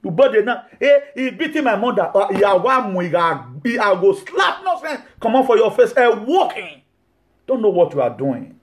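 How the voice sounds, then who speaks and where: A man delivers a sermon in a high, bright-sounding voice. He talks animatedly and often slips into laughter between his points. He then turns to loud, scolding rebukes. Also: normal speed. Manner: animated, swings from laughing asides to shouted rebukes. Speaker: preacher.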